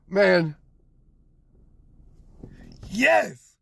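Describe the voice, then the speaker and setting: An exuberant man vlogging from his car on the drive home, his high voice jumping all over as he hollers and whoops. He talks slowly, with a gravelly edge, and the sound is close and dry. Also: expressive, dry recording. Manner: exuberant, whooping, shouting praise. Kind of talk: excited faith vlog.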